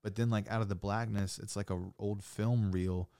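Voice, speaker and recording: A young man telling a wild story in casual chat, saying "like" a lot and swearing freely, getting animated. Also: lowish voice, normal speed, clear, resonant tone, no echo, studio quality. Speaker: podcast guest.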